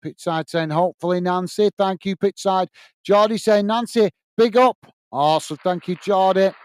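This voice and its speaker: Hosting a live football watch-along, a British man talks at normal speed in a high-pitched, clear and resonant voice with no room sound. He keeps things upbeat, calling the play and cheerfully reading out messages from viewers.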